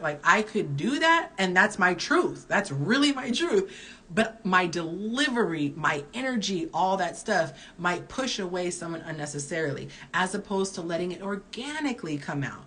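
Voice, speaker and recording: A woman's voice: on the low side, sing-song, moderate pace, pushed and bright, breathy edge. A woman in her early forties, a dating coach, giving candid advice in a chatty live-stream Q&A while reading viewer comments aloud. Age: early 40s.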